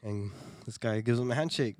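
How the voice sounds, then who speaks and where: A man's voice: mid-range voice, a little fast, darkish tone, dry recording, studio quality. A young man co-hosting a podcast, telling a story in a loose, casual way, laughing often, swearing and repeating himself. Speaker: podcast co-host.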